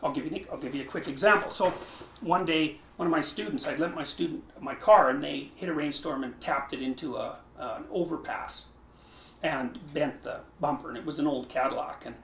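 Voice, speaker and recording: A man with a fairly high voice gives a lecture and reasons aloud as he goes. He restarts his phrases often and leans hard on the words that matter. The sound carries a roomy echo. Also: normal speed, fairly bright tone, a little hiss or hum.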